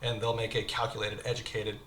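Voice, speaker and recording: A bright, clear-toned man hosts a casual interview while eating hot wings, chatting easily and breaking into laughter. He often stumbles and starts his questions over. A faint hum of room noise sits behind him. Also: fairly low pitch, little pitch movement, fairly quick. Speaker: host, real estate agent.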